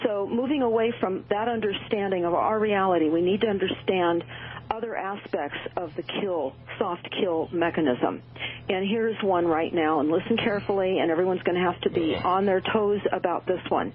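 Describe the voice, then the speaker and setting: A woman's voice: lowish voice, moderate pace. A woman talking as a radio show guest, urgent and full of uh and um fillers. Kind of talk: radio call-in talk. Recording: tinny phone line.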